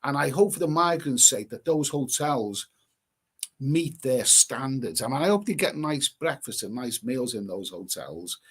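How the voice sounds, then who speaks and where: A man hosting a livestream, reading out viewer comments in casual, rambling chat full of halting restarts and sarcastic asides. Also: mid-range voice, animated, slightly rough.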